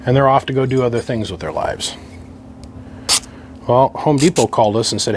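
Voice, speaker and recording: Here a middle-aged man with a medium-pitched voice talks at normal speed, leaving long pauses, as background noise hums behind him. He's a radio hobbyist tinkering with an amplifier, grumbling wryly to himself in a loose, rambling way while the task resists him.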